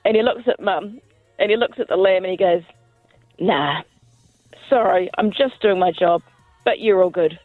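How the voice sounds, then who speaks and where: A woman's voice: mid-range voice, normal speed, long pauses, no echo, soft background music. A woman with a New Zealand accent, calling into a radio show and cheerfully telling a story. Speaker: caller. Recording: tinny dry phone line.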